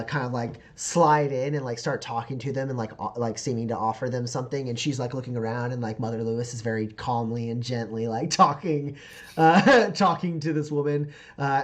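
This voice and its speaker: A man narrating a tabletop game as game master, rambling with many fillers. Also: medium pitch. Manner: rambling, full of fillers and likes.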